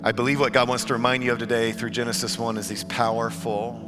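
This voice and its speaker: Middle-aged male pastor, mid-range voice, sermon with quiet-to-lively delivery, music underneath. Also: mid-range voice, quick pace. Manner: shifts between hushed earnest tones and lively storytelling.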